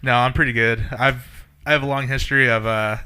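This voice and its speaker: A man's voice: medium pitch, steady tone, fairly quick, bright, forceful tone, clear, resonant tone. A man guesting on a casual podcast, speaking in an easygoing, agreeable way.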